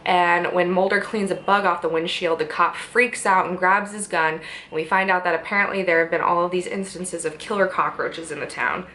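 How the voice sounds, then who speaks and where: A woman's voice: on the low side, steady tone, moderate pace, hardly any pauses, bright, forceful tone, poor audio. Chatty, sarcastic woman reviewing TV. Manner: chatty, sarcastic, swears a lot. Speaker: TV episode reviewer. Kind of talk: casual chat.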